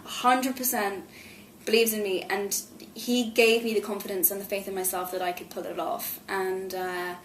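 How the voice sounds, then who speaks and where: A woman's voice: medium pitch, little pitch movement, normal speed, a little hiss or hum. A young adult woman, an actress, talking chattily and effusively as a guest in a candid press interview. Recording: roomy echo.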